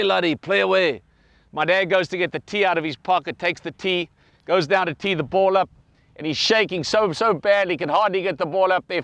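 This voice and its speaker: Guy telling a story, lively and chatty, slightly high voice, dry close mic. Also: no room sound. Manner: lively, conversational. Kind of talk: anecdotal storytelling.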